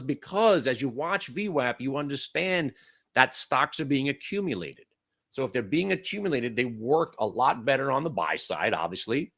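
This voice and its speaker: Brash, excitable male trading host. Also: mid-range voice. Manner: brash, excitable, swings from loud outbursts to mutters; swears casually. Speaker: day-trading room host. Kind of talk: live trading commentary.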